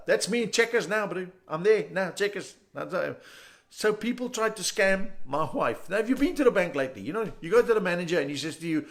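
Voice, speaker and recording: A man's voice: sits high, expressive, brisk. A middle-aged man with a South African accent, performing a chatty, slangy stand-up set straight to the audience. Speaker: stand-up comedian.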